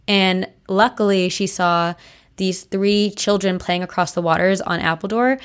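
A woman's voice: medium pitch, fairly even intonation, unhurried, clear, resonant tone. A young woman co-hosting a podcast, telling a story in casual chat, full of likes and restarts. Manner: chatty, many likes and restarts. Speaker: podcast co-host.

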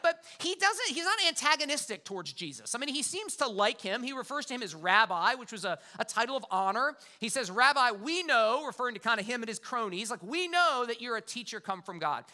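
A man's voice: very high voice, sing-song, brisk, hardly any pauses, sharp tone. A middle-aged man preaching a sermon as pastor, emphatic and conversational, repeating words for weight.

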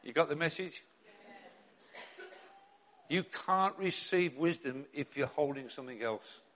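A man's voice: fairly high pitch, unhurried, a bit bright. An older man, a bishop and chaplain preaching a sermon in an earnest, direct way with rhetorical questions and repeated refrains.

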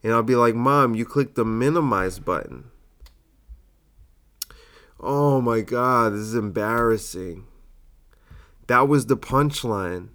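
A man's voice: mid-range voice, slow pace, pauses often, fairly bright tone. A man hosting a solo comedy podcast, musing aloud in a self-deprecating way.

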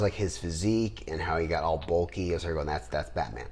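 A man hosting a podcast in casual chat, rambling and trailing off into low mutters. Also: very animated, fairly quick. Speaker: podcast host.

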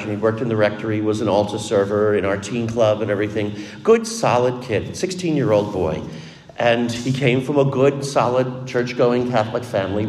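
A man's voice: medium pitch, darkish tone. A middle-aged man, a Catholic priest, telling a personal story in a homily in an earnest, conversational way. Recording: long reverb, as in a large hall.

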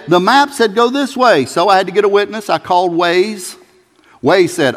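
A male pastor preaching a sermon in a folksy, emphatic way, building to loud peaks. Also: sits high, moderate pace. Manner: folksy, emphatic, rising to shouts. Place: church sanctuary. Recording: church hall reverb.

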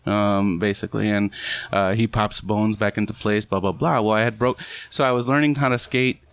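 A man's voice: fairly low pitch, steady tone, moderate pace, clear, resonant tone. A man joking and teasing in a casual chat among friends.

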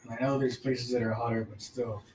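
A man's voice: medium pitch, steady tone, fairly quick, a little mellow. A young man from Texas chatting casually as a podcast co-host, laughing often and swearing. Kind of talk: casual chat. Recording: echoey room, set back from the mic, light noise.

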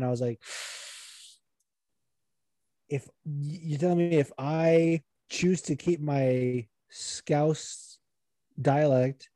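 A man's voice: on the high side, slow, dry recording. Rambling, profane man chatting on a podcast. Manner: rambling, profane, animated, puts on regional accents. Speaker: podcast co-host. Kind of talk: casual chat.

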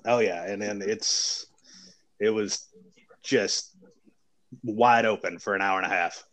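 A man's voice: on the low side, steady tone, slow pace, fairly bright tone, low-quality recording. A tired man from the Southeastern US, co-hosting a casual podcast and telling a rambling story that trails off and restarts. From Southeastern United States. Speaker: podcast co-host.

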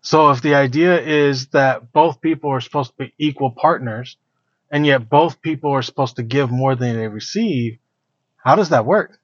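A man's voice: mid-range voice, normal speed, slightly rough, dry recording. A man co-hosting a podcast in casual chat, reflective, thinking aloud with fillers. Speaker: podcast co-host. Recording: dull lo-fi sound.

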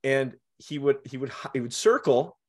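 A young man in casual conversation, co-hosting and telling childhood stories with animated, acted-out quotes. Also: mid-range voice, normal speed. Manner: animated storytelling, acts out quotes.

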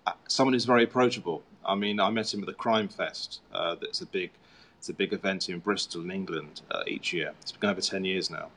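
A man with a fairly low voice talks casually as a guest author. He rambles through his stories with self-mocking humor, full of fillers and restarts. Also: fairly quick, a bit bright. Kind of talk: casual chat.

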